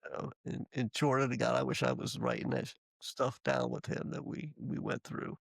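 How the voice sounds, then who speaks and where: A man being interviewed, casually telling lively anecdotes with frequent restarts. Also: mid-range voice, moderate pace, gravelly, breathy edge, no room sound. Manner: animated, laughing anecdotes with acted quotes. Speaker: interview guest. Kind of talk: casual storytelling.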